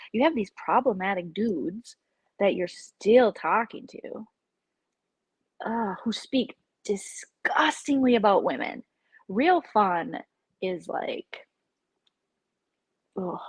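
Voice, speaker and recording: A woman's voice: mid-range voice, slightly rough, no echo. A woman vlogger in casual live-stream chat, rambling and opinionated as she reacts to her viewers' comments.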